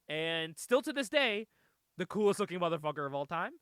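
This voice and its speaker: High, lively man chatting about comics. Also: smooth, no echo. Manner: animated, laughs often, swears freely. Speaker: podcast host. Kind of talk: casual comic book chat.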